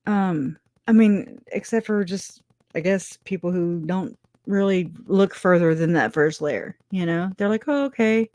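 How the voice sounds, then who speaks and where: A middle-aged woman talks casually to her livestream viewers in a lowish voice, chatty and quick to laugh, often restarting her sentences. The sound is close and dry, with no room around her. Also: dark tone, no room sound. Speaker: livestream host reading chat. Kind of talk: casual live chat.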